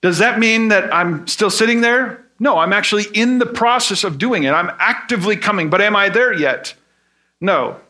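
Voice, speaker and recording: A man's voice: high voice, moderate pace, pushed and bright. A man preaching a sermon in an earnest tone. He explains with everyday examples and asks rhetorical questions. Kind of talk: sermon teaching.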